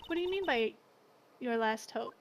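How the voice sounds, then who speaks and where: A woman's voice: on the high side, animated, normal speed, background noise. A woman reading a probing young defense lawyer. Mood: pressing. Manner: questioning, probing. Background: game music.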